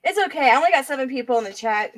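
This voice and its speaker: A woman's voice: sits high, rapid-fire. A woman hosting a casual live-stream auction, chatting with viewers by name while she looks over items and counts down sales.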